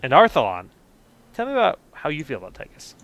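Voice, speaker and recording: A man hosting a casual panel chat, explaining changes in an animated, emphatic way. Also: on the high side, quick pace, creaky. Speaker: podcast host. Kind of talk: casual panel chat about a game patch.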